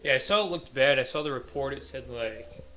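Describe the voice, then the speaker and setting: Bright-voiced young man quipping. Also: mid-range voice, a little fast, faint music behind, poor audio. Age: young adult. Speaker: podcast co-host, engineering student. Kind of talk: casual chat.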